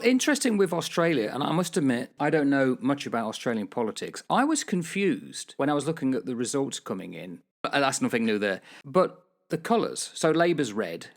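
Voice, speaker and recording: A man co-hosting a casual political chat podcast, cracking dry one-liners and posing rhetorical questions. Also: on the high side. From United Kingdom. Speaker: podcast co-host.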